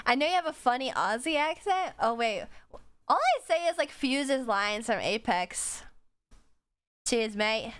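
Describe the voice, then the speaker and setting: A woman's voice: high voice, big pitch swings, normal speed, fairly bright tone, clean tone. A woman streamer chatting casually with her viewers while she draws, swearing freely and laughing often.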